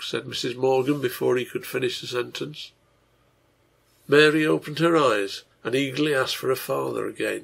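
A man reads a translated serial novel aloud in a measured, earnest way. His voice is gravelly and somewhat husky, sitting at an ordinary middle pitch. He addresses the listener directly, like a storyteller. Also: a bit bright. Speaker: translator and narrator.

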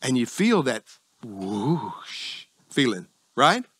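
A middle-aged man with a Southern US accent preaching a sermon in a folksy, self-deprecating, conversational way with sudden jumps in pitch. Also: expressive, moderate pace, fairly bright tone, dry recording. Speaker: pastor.

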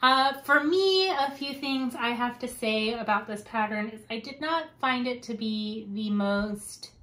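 A woman's voice: fairly high pitch, a little slow, bright, forceful tone. Chatty woman hosting a craft podcast. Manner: chatty, laughs often, wanders onto tangents. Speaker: podcast host. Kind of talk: casual chat.

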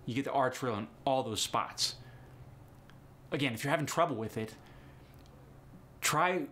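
A man's voice: mid-range voice, measured pace, bright, forceful tone, slight background noise. A man teaching an accent lesson step by step, upbeat and explanatory, saying example words to show each sound. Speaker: accent coach.

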